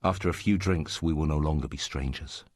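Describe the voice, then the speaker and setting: A friendly young man makes polite, eager conversation, as a man reads him in a storybook. The voice is extremely deep and dry, recorded close with no room sound. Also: brisk, a little mellow, breathy edge, dry recording. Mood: courteous. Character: short strong young northern man, friendly.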